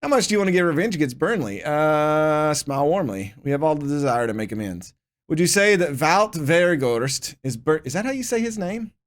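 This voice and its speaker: His voice a little high and full of big pitch swings, this streamer talks at a moderate pace. Playing a football management game, he offers casual commentary, voicing the on-screen prompts and responding as he goes.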